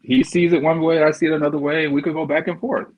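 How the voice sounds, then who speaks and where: Male caller, husky mid voice, easygoing casual talk. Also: on the high side, little pitch movement, fast, low-quality recording. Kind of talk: casual chat.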